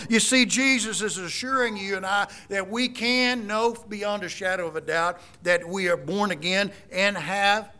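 A man's voice: sits high, normal speed, hardly any pauses, sharp tone. A middle-aged man preaching a sermon, quoting scripture in an emphatic, folksy way. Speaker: pastor.

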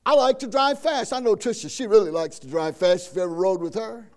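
A man's voice: sits high, a little fast, a little mellow. A man preaching a folksy sermon, telling stories and acting out the quoted voices.

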